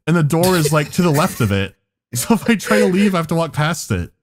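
A man's voice: a little high, sing-song, fairly quick, a little hiss or hum. A man hosting a podcast, telling a story in casual chat, laughing often and swearing freely. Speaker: podcast host.

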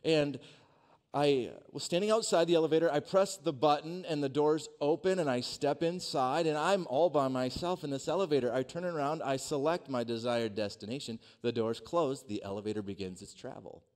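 A man preaching a sermon, telling a personal story in a dynamic way that swings from hushed to loud. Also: fairly high pitch, normal speed. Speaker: pastor. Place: church sanctuary.

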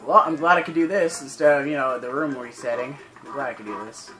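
This teen host of a gaming channel talks fast through a let's play in a steady, mid-range voice, repeatedly launching into angry, profanity-laced rants. Music plays in the background of the rough recording.

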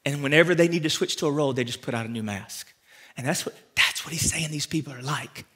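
A man pastor preaching a sermon, swinging from loud emphatic peaks down to quiet asides to the congregation. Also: fast. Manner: preaches with sharp rises to loud emphatic peaks, then drops low and quiet.

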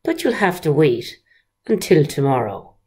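Woman reading a crooning storybook saint, slow, low-voiced, gentle. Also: big pitch swings, husky, full character voice. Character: determined saint, crooning and stubborn.

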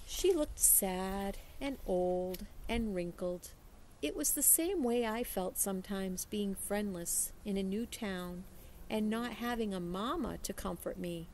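A woman teacher reading a children's novel aloud in a slow, expressive way. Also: mid-range voice, gravelly, slight background noise.

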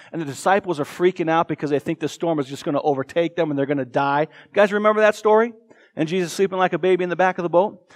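Earnest American man preaching a sermon. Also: on the high side. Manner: earnest, emphatic, with dramatic quoted voices. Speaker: pastor.

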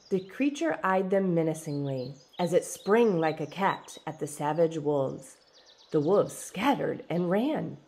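Woman reading a kids' picture book, slow and lively, kind of low voice. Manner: expressive, dramatic. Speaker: storybook reader. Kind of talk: children's storybook read-aloud.

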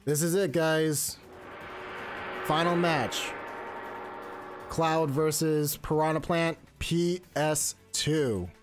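A man giving casual, excitable play-by-play commentary on a game tournament from his home stream. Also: on the high side, very slow, long pauses, soft background music. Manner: excitable, casual gamer slang. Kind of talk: live esports play-by-play commentary.

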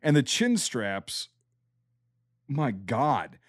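A man with a mid-pitched voice hosts a casual podcast. His delivery is blunt, sarcastic and full of swearing. The sound is dry and close, with no room echo. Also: very animated, drawn-out words. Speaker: podcast host.

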